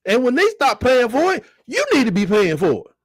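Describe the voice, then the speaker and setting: A middle-aged man talks through a casual sports livestream, joking and reading chat comments aloud. His pitch sits high and swings widely as he talks, often jumping into squeals. The sound is dry and close, with no room behind it. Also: sing-song, fairly quick, no echo.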